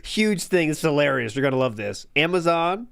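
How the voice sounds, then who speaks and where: A man's voice: medium pitch, big pitch swings, brisk, vocal fry, no room sound, clean studio sound. A man hosting a watch-party stream, reading chat and making wry comments between laughs. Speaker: host.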